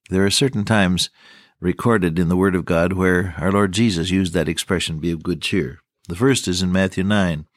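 A man with a fairly low voice delivers an earnest, fervent sermon in an old-style preaching manner. The sound is dry and close, with no room around him. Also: no echo. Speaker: radio preacher.

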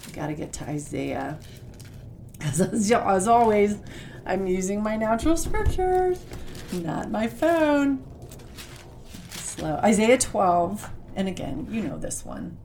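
A woman's voice: mid-range voice, gravelly, darkish tone, a little hiss or hum. Earnest woman giving a devotional talk. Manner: earnest, heartfelt, emotional; reads scripture aloud slowly. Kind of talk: devotional talk with scripture reading.

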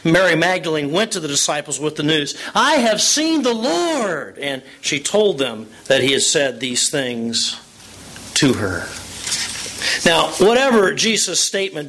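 Animated, bright-voiced male preacher. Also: a little high, unhurried, a little hiss or hum, poor audio. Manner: animated, expressive storytelling with quoted voices. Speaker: pastor. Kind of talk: sermon.

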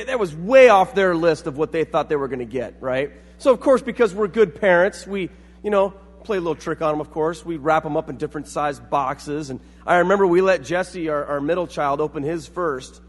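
A man's voice: high voice, big-room sound. A middle-aged man preaching a sermon as pastor, telling family stories and acting out quotes. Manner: storytelling with acted-out quotes.

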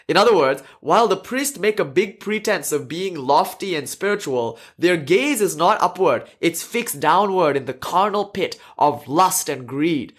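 A man's voice: sits high, expressive, moderate pace, hardly any pauses, slightly rough. A man giving a conversational lecture, telling a story earnestly with asides and fillers.

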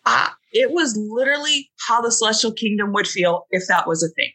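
Bright, husky-voiced woman guest. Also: fairly high pitch, expressive, brisk, few pauses, low-quality recording. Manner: heartfelt, many fillers, quotes her kids. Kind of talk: emotional storytelling in a podcast chat.

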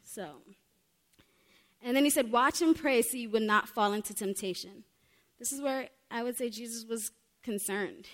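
A woman's voice: on the high side, normal speed, a bit bright. A young woman preaching a sermon in a heartfelt, earnest way, often saying "like" between her thoughts. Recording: long reverb of a large hall.

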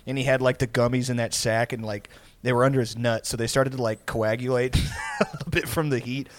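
A man's voice: medium pitch, fairly even intonation, brisk, dry recording. A young man, telling a long story in casual chat, rambling and profane and laughing often.

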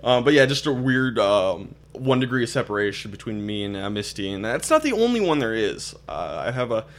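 A man's voice: medium pitch, sing-song, fairly quick. Young man, podcast host, loose rambling delivery. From Minnesota. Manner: chatty, rambling, many fillers and restarts. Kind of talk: casual podcast chat.

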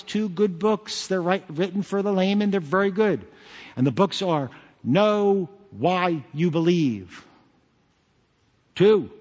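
A man's voice: sits high, a little mellow. A man pastor preaching a sermon emphatically, with joking asides. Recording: long hall reverb.

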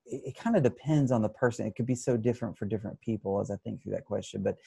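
A man's voice: lowish voice, rapid-fire, creaky, dark tone, husky, dry recording. Thoughtful man explaining his therapy work. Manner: thoughtful, many restarts, acts out examples. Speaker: addiction therapist. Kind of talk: interview answer, explaining.

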